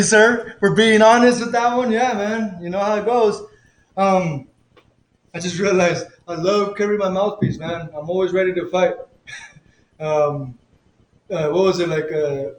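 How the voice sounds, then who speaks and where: A man's voice: high voice, reverberant, poor audio. A man casually chatting on a live stream, telling loose, profane stories with lots of laughs and fillers. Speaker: boxing coach live-streaming a fight commentary.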